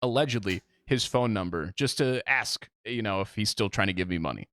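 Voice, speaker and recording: Animated young man telling a story. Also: brisk, no room sound, clean studio sound. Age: young adult. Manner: animated storyteller, acts out quotes with big pitch jumps. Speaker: podcast co-host. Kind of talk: casual chat.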